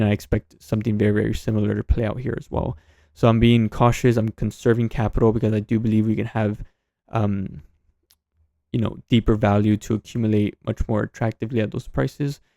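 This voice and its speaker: Guy with a low gravelly voice walking through price charts, casual, kinda rambly with lots of ums, dry close sound. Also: warm tone, dry recording. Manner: thinks aloud with many fillers and restarts. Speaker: trading channel host.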